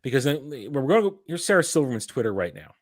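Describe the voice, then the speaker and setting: A man's voice: medium pitch, fast, dry recording, studio quality. A man hosting a casual commentary chat, ranting with lots of restarts. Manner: ranting, animated, frequent restarts. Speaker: host.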